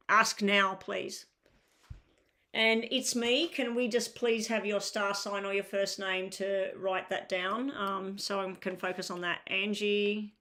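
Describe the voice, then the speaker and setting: Her mid-range voice is bright and forceful, though she sounds tired and it crackles. She's giving a tarot reading on a live stream, casually chatting with viewers, asking them to clarify their questions, and using lots of filler.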